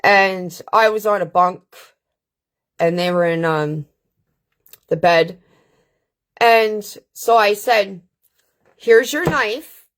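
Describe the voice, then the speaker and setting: A middle-aged woman from Canada hosting a live stream, telling stories in a blunt, profane, casual way. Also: fairly low pitch. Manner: blunt, profane, unhurried with frequent filler questions. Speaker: channel host. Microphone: webcam or phone on a live stream.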